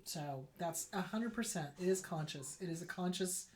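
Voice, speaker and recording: A woman's voice: on the low side, normal speed, a little mellow. Woman therapist talking straight to camera, blunt and emphatic, keeps repeating stuff to drive it home. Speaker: therapist hosting a psychology channel. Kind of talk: unscripted solo talk to camera.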